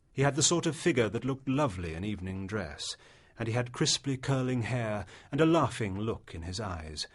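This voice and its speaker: A man narrating a literary short story as an audiobook, in a measured storytelling manner. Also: fairly low pitch, breathy edge.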